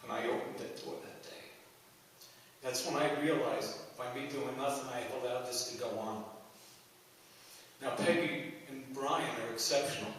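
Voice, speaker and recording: A man in his sixties giving an earnest, halting, plain-spoken personal testimony as a guest speaker at a church. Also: mid-range voice, fairly bright tone. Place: church hall. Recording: echoey hall, far from the mic, faint hiss.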